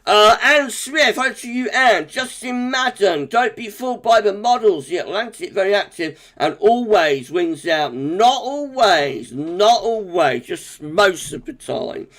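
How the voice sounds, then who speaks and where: A man hosting a weather livestream, chatting casually and greeting viewers by name in quick, upbeat bursts. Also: high voice, fairly bright tone. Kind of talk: casual live-stream chat, reading out viewer comments.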